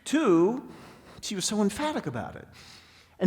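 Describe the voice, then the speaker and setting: A man's voice: high-pitched, huge pitch swings, a little mellow. Man telling a story in a reverberant hall. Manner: storytelling, dramatic pauses, slows down for emphasis. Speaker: guest speaker. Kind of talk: inspirational talk. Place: large spiritual center hall.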